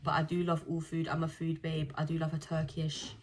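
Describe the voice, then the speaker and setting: A young woman chats casually to camera. Her voice sits low, and she tells her stories in a loose, slangy way. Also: completely flat delivery, fairly quick. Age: 20s. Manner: chatty storytelling with slang. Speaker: vlogger. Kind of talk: casual chat.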